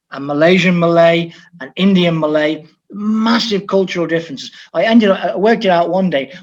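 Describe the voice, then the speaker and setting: An older man from Liverpool talks as a guest about his coaching years, animated and anecdotal, often restarting his sentences. His voice sits fairly high for a man, and the recording sounds dull and lo-fi. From Liverpool, England. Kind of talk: storytelling interview talk. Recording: dull lo-fi audio.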